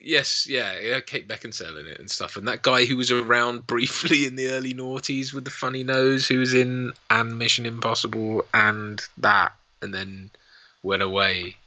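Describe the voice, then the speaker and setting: A man's voice: medium pitch, fairly even intonation, normal speed, bright, forceful tone. A man co-hosting a casual film watch-along, rambling and chuckling as he talks, on a lapel mic. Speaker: podcast co-host.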